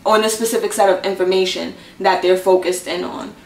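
A woman's voice: lowish voice, fairly even intonation, brisk. A woman teaching astrology in a casual, explanatory way, checking in often with her listeners. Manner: checks in often with "okay?" and "all right?". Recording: roomy, slightly distant mic with faint background noise.

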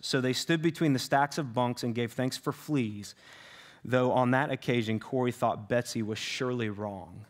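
A man preaching as pastor in a loose, conversational way, with frequent fillers and restarts. His voice sits at a middle pitch. He delivers a sermon. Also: measured pace.

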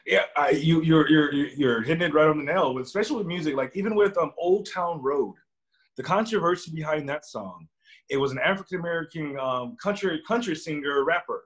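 A man's voice: a little high, lively intonation. A young man, a guest in a casual conversation, speaking earnestly with frequent restarts and fillers. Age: young adult. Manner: earnest, halting, many restarts.

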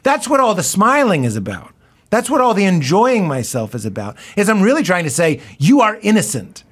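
A man, a comedian guest in casual podcast chat, animated and quick to laugh, acting out quoted voices. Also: high voice, husky.

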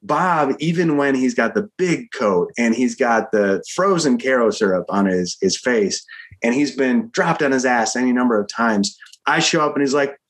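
A man, a screenwriter being interviewed, talking in an energetic, rambling way and calling the host dude and man. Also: medium pitch, moderate pace, husky. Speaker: screenwriter guest. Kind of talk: casual interview chat.

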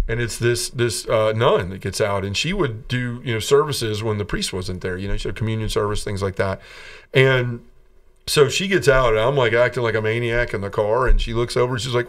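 A middle-aged Southern man talks briskly at medium pitch, recorded from a distance. As a guest on a podcast, he earnestly tells his conversion story, acting out quoted voices and laughing between lines.

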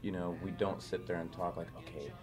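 A man with a very low voice chatting casually as an actor guest in an interview. He rambles loosely through anecdotes, packing his talk with "you know" and "like". Music plays in the background. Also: little pitch movement, a little fast. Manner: rambling, filler-heavy storytelling.

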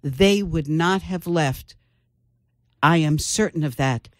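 An older woman, an author, telling her family story in an interview with thoughtful pauses. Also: sits low, no room sound, studio quality. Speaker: author guest. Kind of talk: interview conversation.

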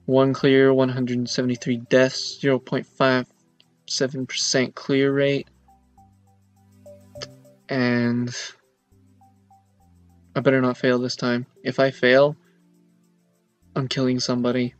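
A man's voice: mid-range voice, completely flat delivery, takes it slowly, pauses often, dry recording. A man commenting on his own gameplay, complaining dramatically and with exasperation about a hard level. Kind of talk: let's play commentary. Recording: dull lo-fi mic with faint game music.

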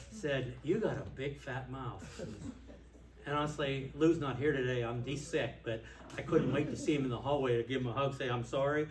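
A man preaching a sermon as pastor, animated, swinging between loud outbursts and quiet asides. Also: mid-range voice, a little hiss or hum. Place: church sanctuary. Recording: echoey church hall from a distance.

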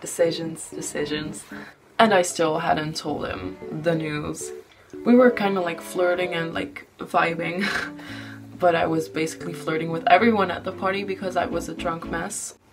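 A woman's voice: on the low side, fairly even intonation, normal speed. A woman narrating a confessional storytime and swearing often. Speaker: vlogger. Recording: distant mic with background music.

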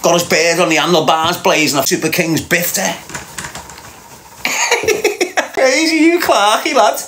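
A man's voice: sits high, a little slow, pauses often, a bit bright. A man with a Liverpool Scouse accent hosting a livestream, reading viewer comments aloud and mocking them with banter and frequent laughs. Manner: mocking banter, laughs often, talks back to chat. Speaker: livestream host.

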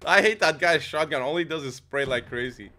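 A man chatting casually while playing a shooter game, excitable and prone to yelps and cheers. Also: a little high, brisk, slight background noise. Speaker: gamer.

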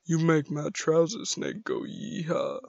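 A cheesy drawling cowboy gunslinger, put on by a man in a fairly high voice. He takes the flirty line slowly. The sound is dry and dull, like a cheap mic. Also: steady tone, vocal fry, a little mellow, no echo.

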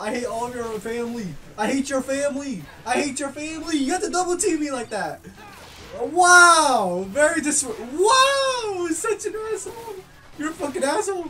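A gaming YouTuber giving loud, excitable commentary, yelling and swearing at opponents while playing. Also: high voice, normal speed, far from the mic.

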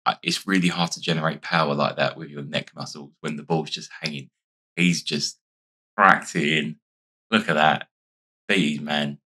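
A man with a hoarse, fading voice giving casual let's-play commentary, chatting and thinking aloud as he plays. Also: very deep voice, steady tone, normal speed, pushed and bright. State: losing his voice. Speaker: gaming YouTuber.

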